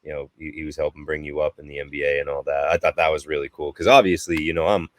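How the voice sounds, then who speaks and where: A man with a very low, deep voice chats about sports in a relaxed, halting way. The sound is dry and close, with no room echo. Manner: relaxed, halting, many fillers. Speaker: podcast co-host. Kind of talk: casual sports chat.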